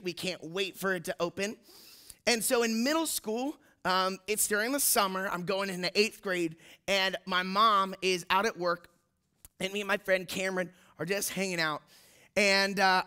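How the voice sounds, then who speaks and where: A man in his twenties, a youth pastor, telling an animated story in a sermon and acting out the voices in it. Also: high-pitched, smooth. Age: 20s.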